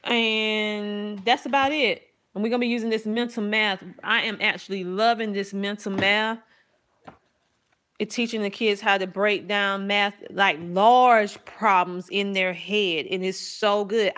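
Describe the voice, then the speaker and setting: A middle-aged woman, a homeschooling mom, chatting casually and enthusiastically about her family's math books, rambling a little and laughing softly. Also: medium pitch, fairly even intonation, unhurried. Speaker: homeschooling mom reviewing curriculum. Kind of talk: casual chat to camera.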